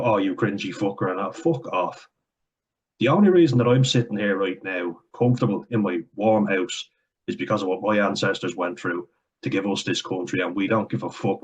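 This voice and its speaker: A man's voice: on the low side, breathy edge, low-quality recording. An Irish man giving a heated, blunt vlog rant at home, swearing often. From Ireland. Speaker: commentator. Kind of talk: ranting vlog commentary. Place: at home, indoors.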